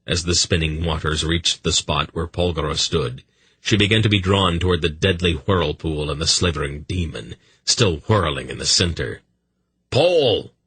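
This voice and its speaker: Male audiobook narrator, deep, forceful and husky, dry close sound. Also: moderate pace, dry recording.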